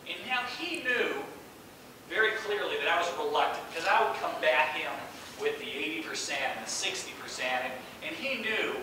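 A middle-aged man giving a lively storytelling talk as a guest speaker, acting out the voices of people he quotes. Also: a little high, normal speed. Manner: animated, acts out quoted voices. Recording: echoey hall, distant mic, noisy.

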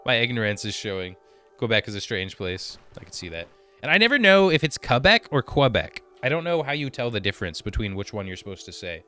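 Man, gaming streamer, bright voice, lowish pitch, chatty chat-reading, faint game music. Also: sing-song, fairly quick. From United States. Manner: reads viewer comments aloud and answers them chattily. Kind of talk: casual live-stream chat while gaming.

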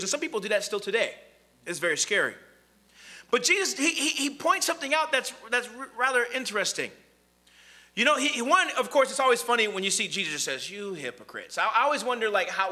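Lively high-voiced bright male preacher. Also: quick pace. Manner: animated, conversational, acts out quoted voices. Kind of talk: sermon.

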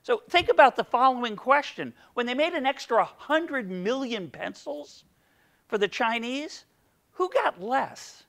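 A man's voice: very high-pitched, expressive, measured pace, a bit bright. A middle-aged man giving an economics seminar lecture, playful and full of questions for the audience. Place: lecture room.

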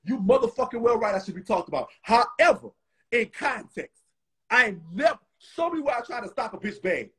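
Rowdy high-voiced man, tipsy and loud. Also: fairly quick, breathy edge. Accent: Southern US. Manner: profane, rambling, animated. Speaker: host. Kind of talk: casual live stream chat.

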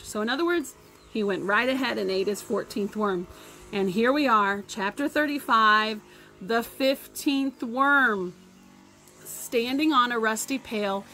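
A woman teacher reading a novel aloud to her class in expressive storytelling, recorded at home for a lesson. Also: on the high side, low-quality recording.

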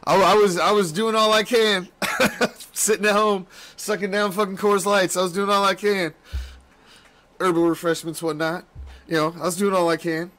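A man hosting a postgame fan reaction show, ranting with constant swearing, laughing often and swinging between yelling and muttering, in a home studio room. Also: high voice, little pitch movement, moderate pace. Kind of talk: profane postgame rant.

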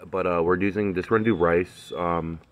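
Laid-back deep-voiced man in a garden. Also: steady tone, brisk, slight background noise. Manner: laid-back, slangy, lots of fillers. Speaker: vlogger. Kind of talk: casual chat. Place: backyard garden, outdoors.

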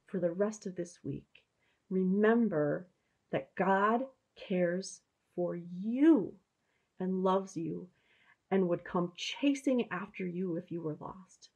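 A woman pastor with an Upper Midwest American accent, gently telling a story to children in a gentle, expressive way. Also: on the low side, gravelly.

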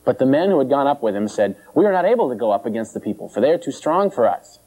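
A man preaching an informal sermon, animated and joking, jumping into high mocking voices and chuckling between points. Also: fast, rough recording.

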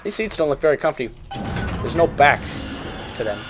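A man's voice: on the high side, sing-song, normal speed. A young man giving a rambling, joking let's play commentary from home at night. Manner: rambling, joking, self-mocking. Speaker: gamer. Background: game music.

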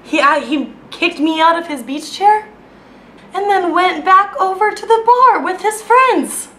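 A woman's voice: extremely high pitch, animated, unhurried, pushed and bright, a little hiss or hum. A woman comedy vlogger delivering an exasperated, emphatic comic rant to the camera. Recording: echoey room.

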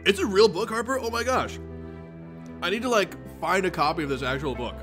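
A man's voice: high-pitched, brisk, over music. Giggly man reading aloud to chat. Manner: giggly, excitable, talks to chat. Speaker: streamer reading a webcomic aloud. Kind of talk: casual read-along commentary.

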